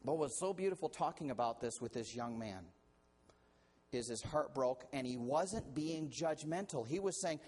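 Animated, lively-pitched male pastor preaching. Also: moderate pace. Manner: animated, conversational preaching with frequent restarts. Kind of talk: sermon.

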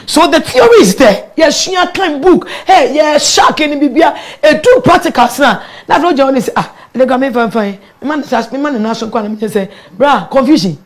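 Ghanaian woman, high voice, laughs a lot while she talks, chatty interview guest. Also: moderate pace, hardly any pauses. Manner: animated, laughing often, mixing local words into English. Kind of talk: candid personal storytelling in an interview.

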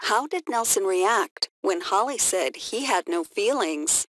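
A woman reading a children's story aloud and asking comprehension questions, in a clear storytelling manner. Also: mid-range voice, expressive, measured pace, a bit bright. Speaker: reading teacher.

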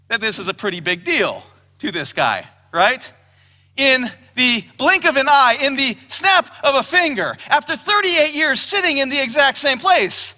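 High, bright-voiced man preaching in a hall. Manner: emphatic preaching, quotes scripture in raised voice. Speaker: pastor. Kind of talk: sermon. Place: church hall. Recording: long hall reverb.

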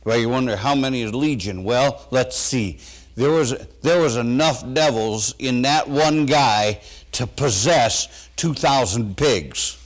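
A pastor preaches to his congregation in a folksy, animated style, talking straight to them and swinging between loud bursts and quiet asides. His voice is medium-pitched and unhurried.

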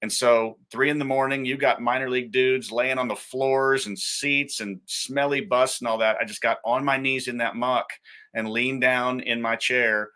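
Bright-voiced man giving testimony. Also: mid-range voice, fairly even intonation, moderate pace. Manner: heartfelt storytelling. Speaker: guest. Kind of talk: personal testimony.

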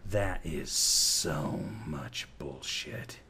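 A man's voice: sits low, expressive, measured pace, a little hiss or hum. A man doing a bitter young hustler. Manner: bitter, sarcastic.

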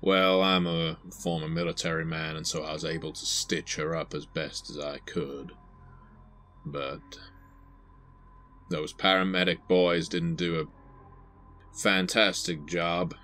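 A man's voice: deep voice, flat delivery, slow pace, pauses often, sharp tone, heavily acted. A man voicing a stern male sheriff who used to be a soldier. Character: stern middle-aged male sheriff, former military.

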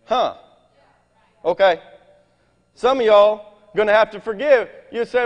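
A man with a high voice preaches in an animated, folksy way, breaking off into scripture readings. His voice rings with a long reverb in a large hall. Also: normal speed, pauses often, muffled recording. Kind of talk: sermon. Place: church meeting hall.

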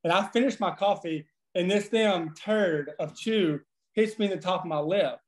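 High-voiced man telling profane stories. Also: moderate pace. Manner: profane, animated anecdotes with frequent laughing. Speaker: podcast guest, former baseball pitcher. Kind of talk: casual storytelling.

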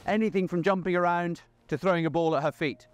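A man's voice: sits high, quick pace. Man teaching dog training outdoors. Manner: upbeat, explains plainly with asides to the dogs. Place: outdoors on grass.

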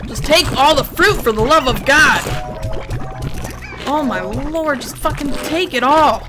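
A woman playing a video game and commentating, excitable and swearing heavily as she scolds the creatures. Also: high-pitched, unhurried. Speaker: let's play gamer. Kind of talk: let's play commentary. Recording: game music playing underneath.

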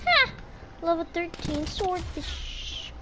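A woman's voice: very high-pitched, big pitch swings, slow, noisy background. A young woman casually chatting with a friend while streaming a shooter game, exclaiming and laughing at plays. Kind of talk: casual gameplay chat.

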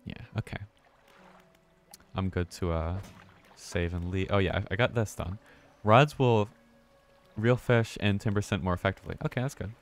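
A male streamer talks through his game in a low, deep voice. He mutters to himself and swears loudly when something startles him. Soft music plays faintly underneath. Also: normal speed, long pauses. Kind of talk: live gameplay commentary.

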